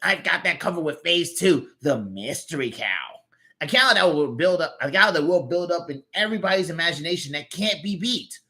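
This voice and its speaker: A man's voice: on the high side, animated, fairly quick, bright, forceful tone, pitched above the performer's own voice. A man with a Southern US accent voicing a scheming, greedy little male cartoon creature who talks like a smug huckster.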